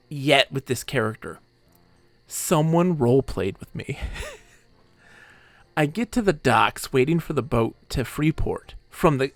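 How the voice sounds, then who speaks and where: Animated streamer man, dry close sound. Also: on the high side, no room sound. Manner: animated, rambling retelling with fillers and asides. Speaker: game streamer. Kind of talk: casual storytelling to a live stream. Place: home room.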